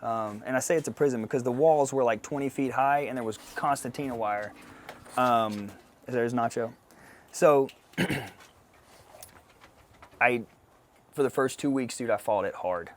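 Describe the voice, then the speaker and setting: A man's voice: medium pitch, a little slow, pauses often. A man in his thirties, a podcast guest telling a personal story in a blunt, profane, casual way, laughing along. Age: 30s.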